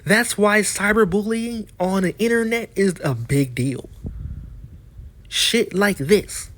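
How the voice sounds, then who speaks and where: A man's voice: sits high, slow pace, fairly bright tone. A man ranting as a YouTuber in a heated, profane way, often restarting his sentences. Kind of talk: ranting commentary.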